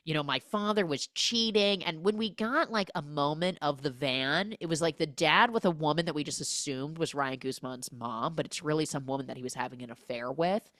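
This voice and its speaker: A woman hosting a podcast, recapping a film with comic energy and acting out the characters' lines in quick voices. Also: sits low, a bit bright, dry recording, clean studio sound. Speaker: podcast host.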